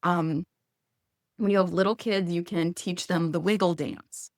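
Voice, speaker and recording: A woman in her thirties speaking casually as a guest, chatty and animated, acting out quoted lines in a higher voice. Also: unhurried, no echo, clean studio sound. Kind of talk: casual conversational advice.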